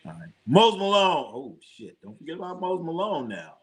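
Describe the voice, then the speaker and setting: On a live sports stream, a male host with a higher, sing-song voice talks at a normal speed. He rambles, swears casually, reacts to scores, chats with his viewers, and tells jokey anecdotes.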